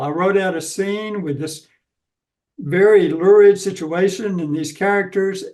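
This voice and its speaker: A man's voice: high voice, darkish tone, far from the mic, poor audio. A man in his seventies from Georgia, a guest author answering interview questions in a reflective, hesitant way. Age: 70s. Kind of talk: casual interview talk.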